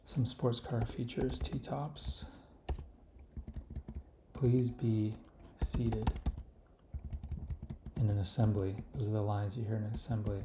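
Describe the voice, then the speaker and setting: A man muses his way through a crossword, reading clues slowly and half to himself. His mid-pitched voice sits in an echoey room with steady noise and keyboard clicks behind it. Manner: slow, musing, reads clues half to himself. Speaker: puzzle solver. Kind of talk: thinking aloud while solving a crossword. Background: keyboard clicks and typing.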